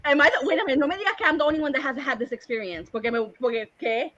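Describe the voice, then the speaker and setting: Puerto rican woman cohost, high bright voice, laughs loud, mixes spanish n english, kinda dull dry sound. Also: racing, no room sound. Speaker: podcast co-host. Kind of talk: casual bilingual chat.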